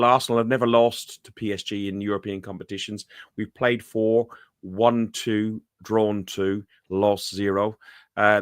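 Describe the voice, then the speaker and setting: An Irish man speaking in a lowish voice, with a dry sound and no room echo. He co-hosts a football podcast in casual chat. He hesitates often, with plenty of ums and restarts. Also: fairly bright tone. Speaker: podcast co-host.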